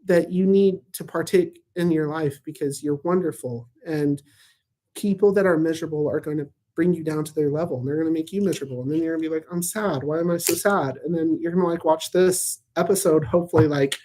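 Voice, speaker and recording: A man's voice: on the high side, brisk, mellow. A man hosting a casual comedic positive-news recap, rambling and jokey. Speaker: host of a weekly positive news show. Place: at home in Tulsa.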